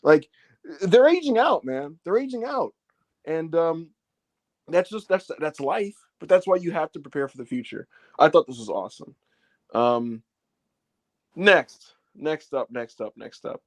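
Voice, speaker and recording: A man's voice: on the high side, big pitch swings, normal speed. A man co-hosting a wrestling review podcast, telling it animatedly, acting out quotes and swearing freely. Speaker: podcast co-host. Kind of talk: casual wrestling review chat.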